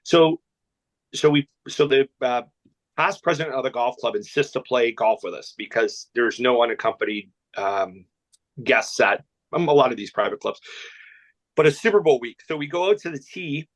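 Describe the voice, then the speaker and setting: A man from Canada, a guest telling a long anecdote, rambling and animated, with lots of restarts. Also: mid-range voice, moderate pace. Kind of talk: storytelling anecdote.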